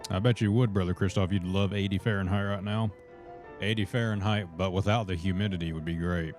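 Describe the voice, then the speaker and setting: A man's voice: sits low, fairly quick, faint music behind. A man chatting casually on a gameplay livestream, talking to viewers and calling them brothers. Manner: relaxed, chatty, reads chat and greets viewers as brothers.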